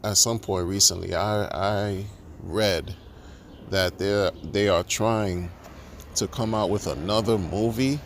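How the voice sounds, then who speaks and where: A man's voice: deep voice, fairly even intonation, takes it slowly, a little hiss or hum. A man ranting in a monologue, exasperated and sarcastic, firing off rhetorical questions and restarting his sentences. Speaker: crypto commentator.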